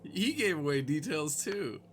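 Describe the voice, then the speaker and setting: A man playing in a tabletop game, teasing and asking quick questions. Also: a little high, big pitch swings, slight background noise. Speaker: player. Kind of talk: casual table chat.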